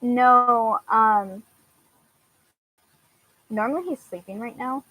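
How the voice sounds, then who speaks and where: A woman's voice: a little high, slow pace, pushed and bright, dry recording, low-quality recording. A young woman from Washington chatting casually to her viewers, hesitant with frequent fillers and laughs. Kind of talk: casual chat answering viewers.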